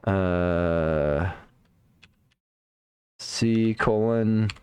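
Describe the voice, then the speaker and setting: A man's voice: deep voice, drawn-out words, a little mellow, clean tone, no echo. A man streaming live, thinking aloud while debugging code, muttering to himself, trailing off and repeating words.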